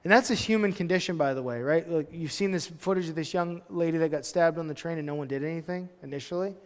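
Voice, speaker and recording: A man's voice: on the high side, fast talker, in a large hall. A pastor in his thirties giving a casual, storytelling sermon, full of loose conversational asides. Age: 30s. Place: church hall.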